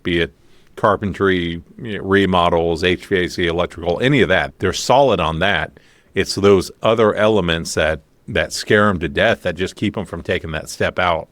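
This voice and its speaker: A man co-hosting a podcast, speaking in a steady, matter-of-fact way. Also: sits low, no echo. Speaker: podcast co-host. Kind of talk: casual podcast conversation.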